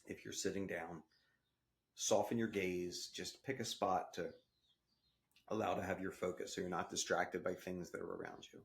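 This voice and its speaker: A man leading a guided breathing meditation, with slow, gentle instructions in casual wording. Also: deep voice, level tone, gravelly. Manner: casual wording with small restarts. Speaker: meditation teacher.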